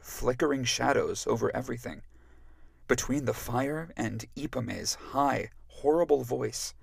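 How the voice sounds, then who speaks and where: Male audiobook narrator, slow and gravelly, dry close sound. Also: mid-range voice, no room sound. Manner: measured, even storytelling. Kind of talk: scripted narration.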